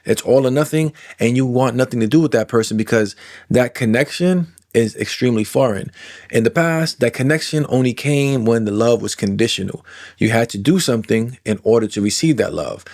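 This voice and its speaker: A man in his forties, a coach for trauma clients, talking casually to camera in a self-help monologue, animated, drawing out words for emphasis and acting out inner voices. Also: mid-range voice. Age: 40s. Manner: animated, acts out inner voices and imagined replies, drawn-out emphasis.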